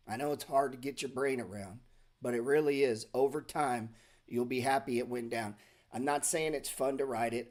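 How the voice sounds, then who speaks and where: A middle-aged man hosting a casual stock market show, talking bluntly and sarcastically, with profanity and mock self-pity. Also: mid-range voice. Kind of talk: casual livestream talk.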